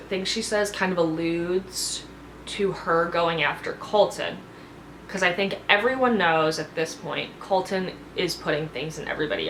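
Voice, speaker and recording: A woman's voice: on the low side, a little hiss or hum. Chatty woman reviewing a tv episode, lots of "like", kinda echoey room. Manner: chatty and expressive, with many fillers like "like". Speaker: TV reality show reviewer. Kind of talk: casual recap vlog. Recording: roomy echo.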